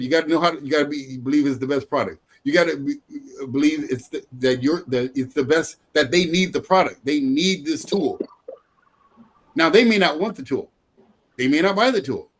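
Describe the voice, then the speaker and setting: A middle-aged man coaching a sales team in a motivational training talk. His voice sits a little high for a man, and he drives his points home through repetition, with frequent chuckles. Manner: emphatic, repetitive, laughs often.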